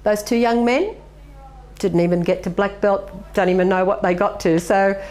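Woman, middle-aged martial arts master, interviewee, earnest and animated, mid-range voice. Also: medium pitch, normal speed. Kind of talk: reflective interview answers.

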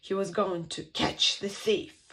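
Slow, expressive woman reading a storybook. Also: mid-range voice, a little hiss or hum. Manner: slow, expressive, sing-song storytelling with dramatic pauses. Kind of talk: children's picture-book read-aloud.

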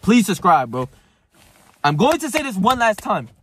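A man's voice: high-pitched, huge pitch swings, moderate pace, fairly bright tone, slightly rough, no room sound. A young man ranting to camera in a casual motivational vlog, emphatic and profane, calling the listener bro. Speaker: self-improvement vlogger.

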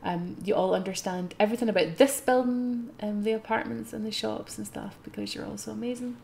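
A young Scottish woman chatting through a live game stream, giggling often and bubbling over between calmer stretches of explaining. Her voice sits in an ordinary middle pitch with a noticeable gravelly fry. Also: a little fast, a little hiss or hum.

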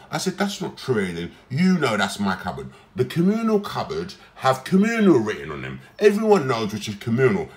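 A man, a patient on a psychiatric ward, recording a personal complaint, talking emphatically and repeating himself. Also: medium pitch.

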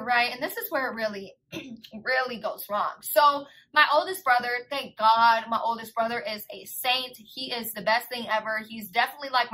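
A young adult woman vlogger telling a casual storytime, animated, slangy and full of swearing. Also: a little high, poor audio.

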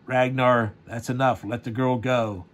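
A man's voice: medium pitch, steady tone, a little slow, natural voice. A man reading out the lines of a stern, heroic male Viking warrior from a comic, giving commands. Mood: commanding. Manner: commanding, read aloud from a comic.

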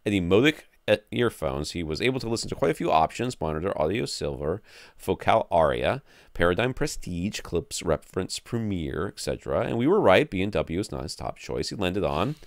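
A man's voice: deep voice, sing-song, brisk, dry recording, clean studio sound. A man co-hosting a podcast, giving rambling, jokey home theater advice with lots of restarts. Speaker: podcast co-host. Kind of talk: casual chat answering listener questions.

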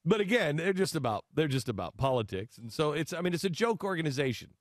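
A man hosting a talk show, speaking in a sarcastic, animated way into a studio mic. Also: a little high, fast, dry recording. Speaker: host. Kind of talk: talk radio commentary.

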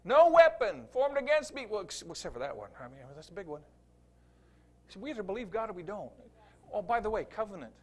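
A middle-aged man preaching a revival sermon, swinging from quiet asides to loud emphatic preaching. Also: high voice, animated, fast talker.

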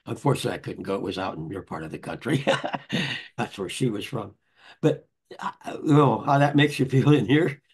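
A man's voice: medium pitch, lively intonation, a little fast, slightly rough. An older man, an author, telling anecdotes in a rambling conversational way with many restarts. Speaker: author and guest. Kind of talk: conversational storytelling.

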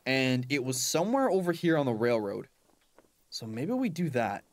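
A man's voice: medium pitch, sing-song, moderate pace. A young man giving casual, chatty commentary while playing a hunting game, laughing often and talking to his in-game dog. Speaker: gaming channel host.

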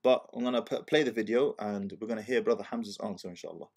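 A man from Algeria hosting, who talks in casual commentary, asks rhetorical questions and acts out quotes as an animated storyteller. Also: lowish voice, fast talker. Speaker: host.

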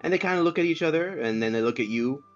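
A man's voice: a little high, lively intonation, fast talker, dull audio, faint music behind. A man narrating as game master in a tabletop game, chatty and hesitant, with many fillers.

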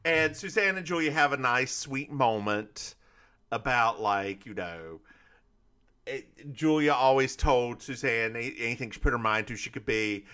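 A man's voice: mid-range voice, a little slow, bright, forceful tone, smooth. A man co-hosting a podcast, recapping a TV episode in casual, gossipy chat and quoting the characters. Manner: chatty, gossipy, quotes characters. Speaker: podcast co-host.

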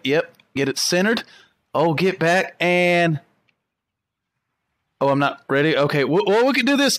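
A young man giving excited gameplay commentary, talking to the creatures on screen and to his viewers, and laughing often. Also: sits high. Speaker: gaming YouTuber.

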